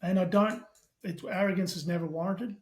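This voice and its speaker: A middle-aged man with an Australian accent and a notably high-pitched voice. He talks quickly and animatedly, launching into stories with casual swearing in a relaxed podcast conversation. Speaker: podcast guest, tech company CEO.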